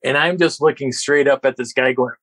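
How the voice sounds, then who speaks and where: A man guest on a podcast, telling a story in an animated way and laughing often. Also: medium pitch, a little fast, no echo, poor audio. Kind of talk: storytelling an encounter.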